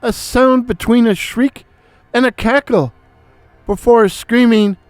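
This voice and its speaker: Slow, high-voiced male horror storyteller. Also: smooth, dry recording, soft background music. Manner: slow, deliberate, theatrical delivery. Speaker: storyteller, channel host. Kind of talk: dramatic horror story narration.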